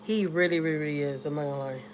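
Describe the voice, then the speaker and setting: A woman's voice: deep voice, steady tone, racing, lo-fi sound, slight background noise. A woman from Houston with a Southern accent, chatting casually on a home livestream, blunt and salty, and talking to her cat now and then. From Houston, Texas. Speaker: vlogger. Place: home, indoors.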